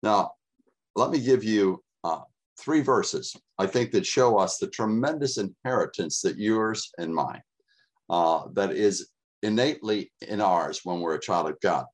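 A man's voice: lowish voice, lively intonation, measured pace. A middle-aged man preaching a sermon, reading scripture aloud and repeating key words with rising emphasis.

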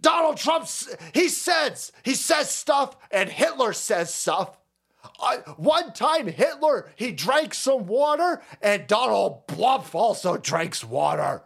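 A shrieking, furious old man rants at full volume, as a man puts him on in mockery. The voice jumps high and swings wildly from word to word. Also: sing-song, slow, vocal fry, fairly bright tone, full character voice. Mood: mocking. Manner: shrill ranting mockery.

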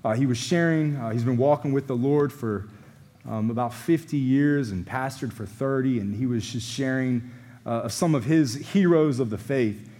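A man preaching a sermon as pastor, earnest and emphatic, with quiet reflective passages, ending in prayer. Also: medium pitch, moderate pace. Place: church sanctuary. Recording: long church hall reverb.

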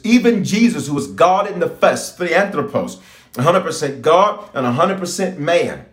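A man's voice: fairly high pitch, echoey room. A man who is a bishop, preaching and praying with fervent call-and-response and lots of repetition. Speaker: bishop and pastor.

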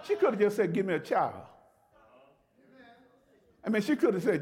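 A pastor preaching a sermon, folksy, asking the church to repeat his words and rising to shouts at the peaks. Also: sits high, big pitch swings, normal speed. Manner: call-and-response preaching, folksy.

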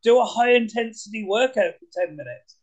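A man with a British accent, talking as a podcast guest in an energetic, blunt way, swearing casually. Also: high-pitched, brisk, poor audio. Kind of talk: casual conversation.

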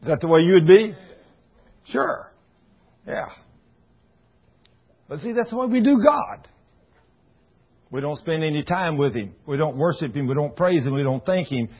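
A man's voice: fairly high pitch, lively intonation, moderate pace, long pauses, breathy edge, highs cut off. A man preaching a folksy sermon, telling stories and acting out the dialogue in shifting voices. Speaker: pastor.

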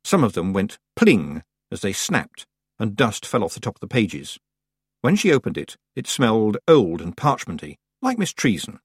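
A man narrating a novel as an audiobook, reading in an expressive storytelling manner. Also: on the low side, normal speed, slightly rough, no echo, clean studio sound. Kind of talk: scripted narration.

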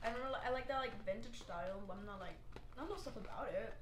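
Young woman podcast co-host, slightly high voice, rambling casual storyteller. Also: rapid-fire, noisy background. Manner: chatty, lots of "like" fillers, animated storytelling. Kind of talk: casual chat.

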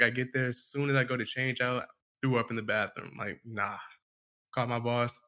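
A man co-hosting a podcast, spinning a laid-back story in slang-heavy casual chat. His voice is bright and forceful, with a medium pitch. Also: flat delivery, normal speed. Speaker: podcast co-host.

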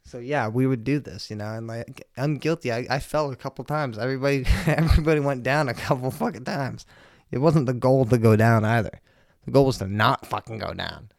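A man's voice: medium pitch, brisk, creaky, no room sound, studio quality. Profane rambling male podcast host. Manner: loose, profane and jokey storytelling. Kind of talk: casual rambling podcast monologue.

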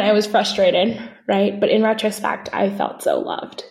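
Female podcast co-host, mellow tone, candid conversational storyteller. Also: mid-range voice, wildly swooping pitch, measured pace, gravelly. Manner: conversational, many fillers and asides.

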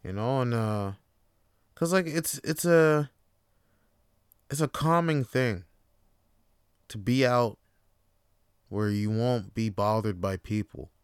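A man's voice: medium pitch, takes it slowly, pauses often, clear, resonant tone, dry recording, studio quality. Blunt, swearing young man. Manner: rambling, profane and blunt. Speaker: podcast host. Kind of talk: casual monologue. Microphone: close mic.

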